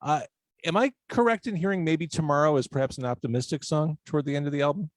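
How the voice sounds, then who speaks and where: A man hosting a live podcast interview, asking quick, playful, teasing questions. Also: fairly high pitch. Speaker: podcast host.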